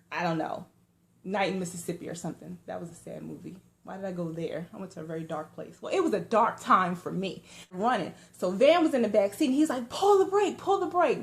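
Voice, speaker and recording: A young adult woman vlogger telling a story to her viewers in slangy, animated, conversational talk, with lively asides. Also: mid-range voice. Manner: animated storytelling with lively asides and sudden hushed or loud turns. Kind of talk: casual storytime vlog.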